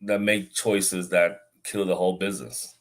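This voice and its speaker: A man with a fairly low voice talks through his ideas as a guest on a business interview. His delivery is relaxed and halting, circling back over words as he works toward his point. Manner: relaxed, halting, repeats words while thinking. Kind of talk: casual interview talk.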